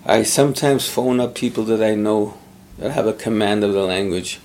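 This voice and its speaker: Speaking in a fairly low, slightly mellow and gravelly voice, a middle-aged man gives a thoughtful, unhurried conversational interview, pausing often to find his words. Cree is his first language; he formerly taught it and is from Pimicikamak Cree Nation, Canada. Slight background noise is present.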